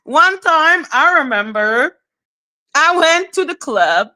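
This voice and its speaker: A woman hosting a casual livestream chat, animated and casual, checking in with viewers with "okay?", laughing often and swearing casually. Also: sits high, takes it slowly. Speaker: livestream host.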